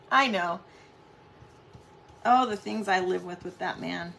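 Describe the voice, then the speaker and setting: A woman's voice: lowish voice, takes it slowly, gravelly, a bit bright, slight background noise. A middle-aged woman hosting a casual live craft stream at home, chatting with viewers and greeting them by name.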